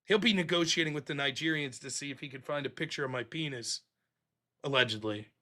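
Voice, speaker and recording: A man's voice: a little high, a little fast, pushed and bright. A man hosting a casual livestream, talking in a joking, profane, ranting way. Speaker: livestream host.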